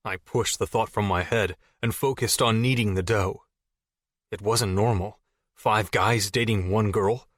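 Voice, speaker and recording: A man with a fairly low voice narrates a fantasy novel in the first person. His reading is steady and measured, recorded close in a dry studio. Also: no room sound. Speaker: audiobook narrator.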